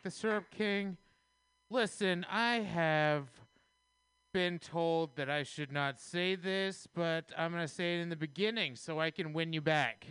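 A man doing a deadpan stand-up set at an open mic. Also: fairly high pitch, clean tone, dry recording. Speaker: stand-up comedian.

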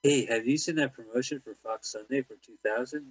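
Husky wisecracking man, dry sound. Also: medium pitch, no echo, highs cut off. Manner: wisecracking, quick puns. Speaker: podcast co-host. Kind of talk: casual movie riffing.

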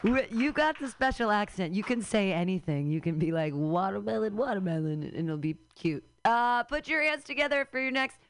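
A woman's voice: a little high, big pitch swings, moderate pace, few pauses, smooth. A woman emceeing a comedy show, introducing the next comic in a bubbly, gushing way.

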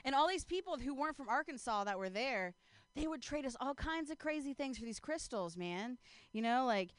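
A woman's voice: high voice, expressive, a little fast, clean tone, no room sound. A young woman comedian telling a rambling stand-up story on stage, full of fillers, laughing at her own jokes into a handheld mic.

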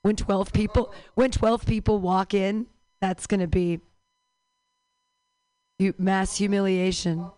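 A woman comedian doing stand-up, offhand and deadpan. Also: medium pitch, slow pace, long pauses, no echo.

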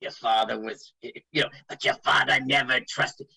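A man's voice: mid-range voice, moderate pace, gravelly, slightly rough, poor audio. A man co-hosting a radio show, chatting casually about a movie and quoting its scenes. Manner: animated, quotes scenes in put-on voices. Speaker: radio co-host. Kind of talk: casual movie commentary chat.

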